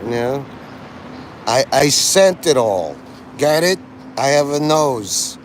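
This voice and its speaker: A man's voice: medium pitch, big pitch swings, takes it slowly, a little hiss or hum. A man livestreaming outdoors in a city, rambling and joking and laughing at his own jokes. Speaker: live streamer. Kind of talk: casual rambling livestream chat.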